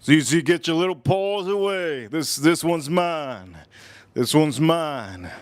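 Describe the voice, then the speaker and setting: Chatting casually with viewers on his livestream, this host speaks in a somewhat high male voice, stretching out words and playfully repeating phrases at an easy pace. The audio is close to the microphone and completely dry.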